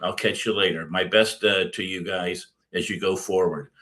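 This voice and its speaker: A man's voice: sits low, steady tone, normal speed, a bit bright. A middle-aged man giving a casual recorded lecture as a course instructor, rambling with many fillers and restarts.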